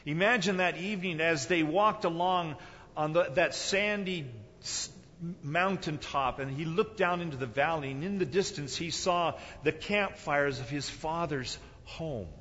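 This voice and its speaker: A man's voice: on the high side, measured pace, bright, forceful tone. A man preaching a sermon, telling a story dramatically and acting out the voices of its people. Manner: dramatic, acts out quoted voices, rises and drops in intensity. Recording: dull sound in a reverberant hall.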